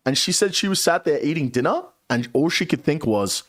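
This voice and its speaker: A man in his late twenties, a streamer telling a story to his chat in a casual, animated way, swearing often. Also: a little high, fairly quick, few pauses. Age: 20s. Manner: animated, swearing a lot, dramatic retelling.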